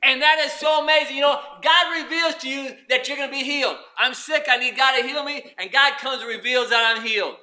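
A man preaching with a very high, piercingly bright voice. He swings from ringing emphasis down to near-whispered asides as he addresses the congregation. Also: brisk, hardly any pauses. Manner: preaching with swings from loud to hushed. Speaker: pastor. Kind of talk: sermon.

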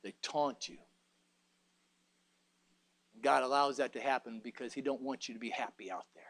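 A man's voice: medium pitch, normal speed, fairly bright tone, no echo. A man preaching a sermon in a folksy way, mixing joking asides with fervent, emphatic exhortation.

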